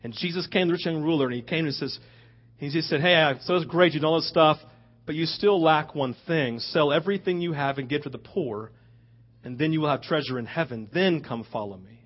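A man preaching a sermon, switching between loud rhetorical questions and hushed asides. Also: a little high, brisk. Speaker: pastor. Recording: dull lo-fi recording.

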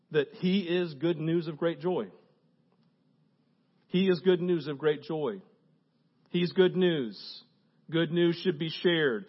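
A male pastor preaching a sermon in an animated way, acting out prayers and little voices. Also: on the high side. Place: church sanctuary. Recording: dull audio with long church reverb.

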